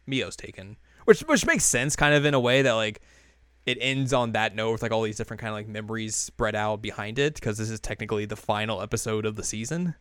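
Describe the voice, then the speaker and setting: Man, casual co-host, smooth clear voice, dry close sound, rambling recap style. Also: lowish voice, no echo. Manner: loose and rambling, many fillers and quick quoted voices, laughs often. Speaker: podcast co-host recapping an anime episode. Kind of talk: casual chat.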